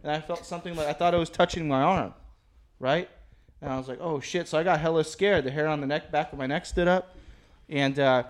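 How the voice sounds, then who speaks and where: A man's voice: a little high, fairly quick. A man on a podcast telling a story in a casual, profane, rambling way, full of fillers and restarts. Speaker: podcast co-host.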